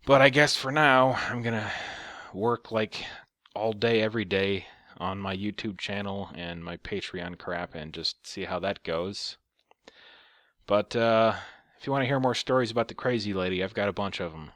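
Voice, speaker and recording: A man's voice: on the low side, steady tone, normal speed, a bit bright, dry recording. Sarcastic, profane man venting. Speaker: vlogger. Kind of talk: casual storytelling rant.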